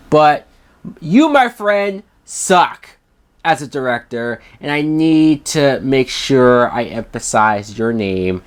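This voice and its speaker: A man reviewing a film in a scornful, emphatic rant, swearing freely. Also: lowish voice.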